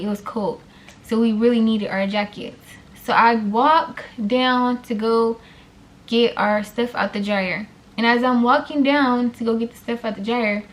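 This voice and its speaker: A young woman casually telling a story on her vlog, animated and blunt with plenty of swearing. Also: fairly high pitch. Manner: animated, blunt, heavy profanity.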